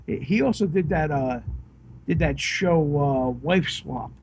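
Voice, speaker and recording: A laid-back man co-hosting a casual podcast about rock music. His voice is gravelly and fairly high, and he talks in an easygoing, agreeable way. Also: slow, a little mellow, slight background noise. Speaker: podcast co-host.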